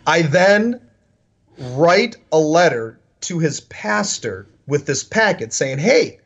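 A man, a podcast guest, telling animated stories with lots of "like" fillers. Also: a little high, slow pace, highs cut off. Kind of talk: casual storytelling.

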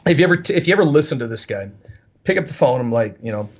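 Brief: husky male guest, animated storyteller, heavy on filler words, dull lo-fi audio. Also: medium pitch, racing. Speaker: podcast guest. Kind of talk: casual storytelling.

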